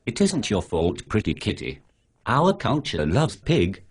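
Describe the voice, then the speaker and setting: A man's voice: on the low side, huge pitch swings, a little slow, slightly rough, heavily acted. A speech synthesizer doing a preachy sarcastic superhero man. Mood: lecturing. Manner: lecturing, sarcastic, lists things off. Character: preachy sarcastic male superhero who refuses pork. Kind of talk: synthetic animated dialogue.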